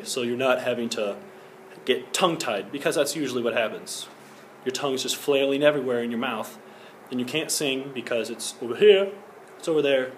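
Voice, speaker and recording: A man's voice: mid-range voice, a little fast, slight background noise. A young man giving an earnest singing lesson as a school project, explaining each point and now and then singing a short vowel to show it. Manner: earnest, instructive, demonstrates sung vowels. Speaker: singing teacher.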